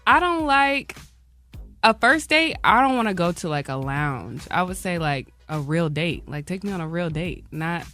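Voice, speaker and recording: A woman in her twenties chatting frankly on a morning radio show, relaxed and sprinkling her talk with like. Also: on the low side, moderate pace, soft background music. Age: 20s. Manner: relaxed, frank, says like a lot. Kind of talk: casual radio chat.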